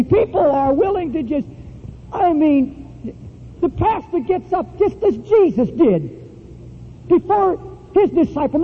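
A middle-aged man preaching a sermon with impassioned delivery that swings between high and low emphasis. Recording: dull lo-fi recording in a reverberant hall.

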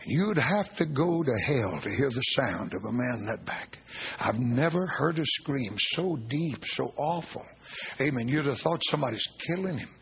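A man preaching, telling a story from his own ministry with animated testimony and quoted dialogue. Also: mid-range voice, normal speed, vocal fry, a little hiss or hum. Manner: animated testimony, quoting God and others. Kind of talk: sermon storytelling. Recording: dull lo-fi recording.

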